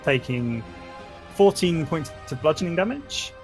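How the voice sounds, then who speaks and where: A man's voice: a little high, animated, normal speed. Easygoing man running a tabletop game. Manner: easygoing, laughing often, filler-heavy. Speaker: dungeon master. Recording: faint background music.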